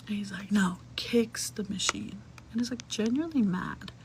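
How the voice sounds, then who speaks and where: Gravelly young woman telling a story. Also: medium pitch, moderate pace, background noise. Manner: chatty, many "like" fillers, profane, slips into whispery asides. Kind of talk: casual storytime.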